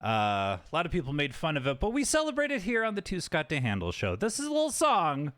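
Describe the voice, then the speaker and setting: A man giving casual live-stream commentary while he plays a video game. His voice sits a little high and swings up and down with plenty of life. He jokes around and lets out sudden yelps and the odd curse. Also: fairly quick. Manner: animated and joking, with sudden yelps and swearing.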